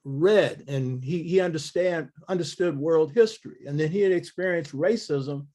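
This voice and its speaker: A man's voice: fairly high pitch, normal speed, mellow. An older man telling a family story in an interview, blunt and earthy, acting out the quoted dialogue.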